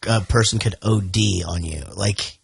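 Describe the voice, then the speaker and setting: A man's voice: on the low side, vocal fry, breathy edge, no echo, studio quality. A man co-hosting a podcast about movies, talking casually with frequent restarts. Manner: halting, restarts often. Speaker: podcast co-host. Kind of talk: casual chat.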